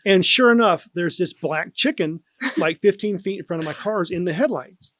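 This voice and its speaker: Guest storyteller: lively man, high-pitched, dry close mic. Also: moderate pace, dry recording. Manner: animated, laughs while telling. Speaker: guest, former police officer. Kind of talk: casual storytelling.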